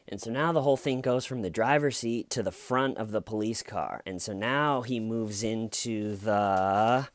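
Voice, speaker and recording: A man's voice: fairly low pitch, animated, moderate pace, no echo. A man telling a story in a casual, rambling way, often restarting and correcting himself. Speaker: channel host.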